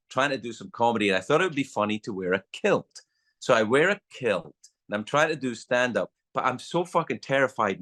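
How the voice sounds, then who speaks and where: A man in his sixties, a guest telling stories in a casual podcast chat and acting out the voices of people in them. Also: on the low side. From Scotland. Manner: animated storyteller, acts out voices.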